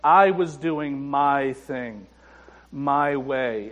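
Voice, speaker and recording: A male pastor telling a personal story in a sermon, moving between quiet reflection and emphatic moments. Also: mid-range voice, drawn-out words, long reverb tail.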